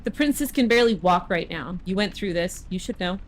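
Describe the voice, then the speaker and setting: A woman's voice: on the low side, animated, brisk, a little hiss or hum, close to an everyday voice. A woman voicing a cocky, easygoing young male thief as she reads game dialogue aloud in a teasing, laid-back way.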